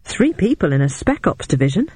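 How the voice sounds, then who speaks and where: A man's voice: fairly high pitch, very animated, darkish tone, no echo. A male narrator voicing a frank, wry young woman detective with a raised voice. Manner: questioning, frank, quick.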